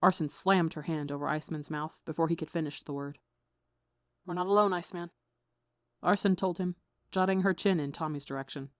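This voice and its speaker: A woman narrating a fan fiction story in an even, measured way. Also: low-pitched, no room sound, studio quality. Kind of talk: audiobook reading of fan fiction.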